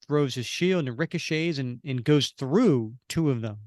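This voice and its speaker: A man co-hosting a podcast, recapping a comic panel by panel in casual chat and acting out the characters' lines with animated bursts. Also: medium pitch, normal speed, few pauses, dry recording, clean studio sound. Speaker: podcast co-host.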